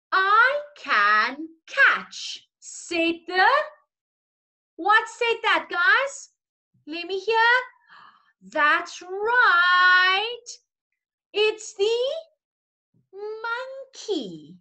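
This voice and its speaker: A woman's voice: extremely high pitch, expressive, drawn-out words, long pauses, sharp tone. A woman teacher, reading a picture story to young children in a playful, coaxing way.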